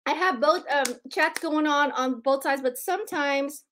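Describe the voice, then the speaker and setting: Bubbly high-voiced woman hosting a live stream. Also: measured pace, a bit bright, slight background noise. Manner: bubbly and chatty, calls viewers girlfriend. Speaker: host of a live sales stream. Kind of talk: live stream shout-outs to viewers.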